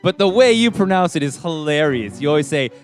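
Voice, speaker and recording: A man's voice: a little high, lively intonation, fairly quick, soft background music. A man co-hosting a podcast, chatting informally and teasing his co-host. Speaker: podcast co-host, long-time fan. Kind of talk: casual podcast chat.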